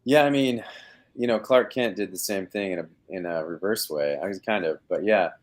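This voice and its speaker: A thirtysomething actor with a low voice talks at a normal speed from home over a video call. As a guest in a casual live interview chat, he rambles, full of fillers and restarts.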